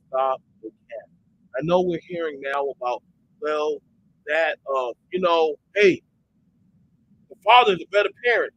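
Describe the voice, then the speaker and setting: A man hosting a heated, profane commentary rant who repeats himself for emphasis and breaks into shouts when worked up. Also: fairly high pitch, animated, a little slow, pauses often, dull audio. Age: adult parent. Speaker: host.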